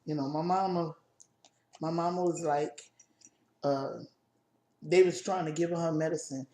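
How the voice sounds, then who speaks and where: A woman co-hosting a casual chat video, telling a personal family story in a halting, emotional way with many restarts. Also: low-pitched, fairly even intonation, mellow, echoey room. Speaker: co-host.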